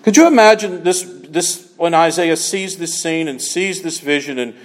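A man preaching a sermon as pastor, emphatic, moving between loud declaiming and quiet asides. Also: fairly high pitch, lively intonation, moderate pace, big-room sound.

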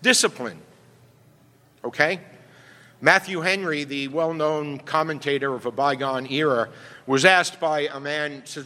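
Man preaching a sermon, pastor, emphatic, bright tone, long hall reverb. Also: a little high, a little slow. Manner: emphatic, asks "right?" often.

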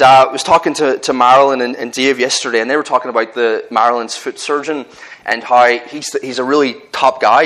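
A man's voice: medium pitch, a bit bright, rough recording. Earnest Northern Irish man preaching. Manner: earnest, conversational, repeats himself and restarts phrases. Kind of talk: sermon with personal stories.

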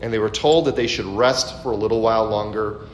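A man preaching a conversational expository sermon, full of asides and rhetorical questions. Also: brisk. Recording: echoey room, faint background rumble.

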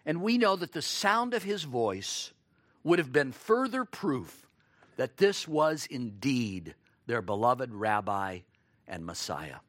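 A man preaching a sermon, expressive, acting out quoted lines and asking his listeners rhetorical questions. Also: medium pitch, slow, no room sound.

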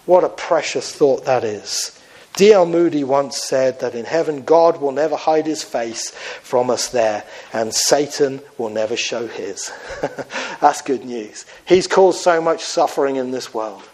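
Man, preacher, evangelistic sermon, earnest, slows and softens on appeals, mid-pitched voice. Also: poor audio. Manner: tells a parable with lifted, animated quoted voices.

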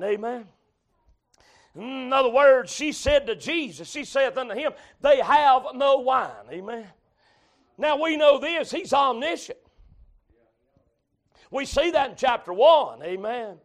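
A man preaching a revival sermon in a church, shouting and crying out at the peaks, then dropping to a murmured "amen". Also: extremely high pitch, animated, takes it slowly, pauses often.

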